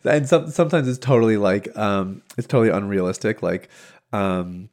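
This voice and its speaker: Animated man telling a story. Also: on the low side, normal speed. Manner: animated, acts out quoted voices, laughs easily; frequent restarts and filler words. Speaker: podcast host. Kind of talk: casual storytelling monologue.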